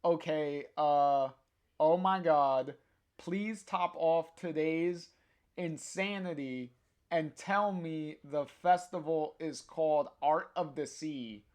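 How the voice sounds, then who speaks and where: An excitable young woman musician, all exclamations, read aloud by a man. It has an unhurried, casual comic read-through feel. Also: fairly high pitch. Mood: excited.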